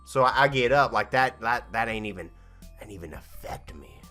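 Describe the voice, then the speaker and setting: A man in his thirties, a gaming channel host, telling a comic, rambling story of a game playthrough and slipping into quick character voices. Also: on the low side, expressive, bright, forceful tone, faint music behind. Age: 30s.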